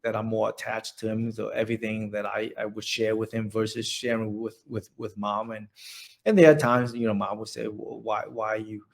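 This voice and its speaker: A man in his forties from central Vietnam with a Vietnamese accent, telling his story in an oral history interview, halting and restarting often. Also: lowish voice, steady tone, creaky. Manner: halting, many restarts and repeated words.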